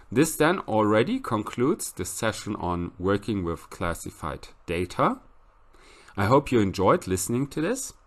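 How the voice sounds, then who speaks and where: A man giving a recorded statistics lecture, explaining step by step and reading out calculations. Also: on the low side.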